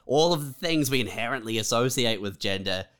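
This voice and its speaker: A man in a mid-range voice, with lively swings in his pitch as he reasons through a point. He laughs easily and fills his speech with "like" and "you know". This is casual podcast chat between two comics. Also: fairly quick. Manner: animated, laughs readily, talks his point through with fillers. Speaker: comedian podcast co-host. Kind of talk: casual comedic banter.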